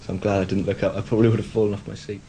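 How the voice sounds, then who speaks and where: A man's voice: on the low side, rapid-fire, slight background noise, poor audio. A young man in his twenties, a band member, chatting candidly and wryly in a casual interview. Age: 20s. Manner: relaxed, candid and wry.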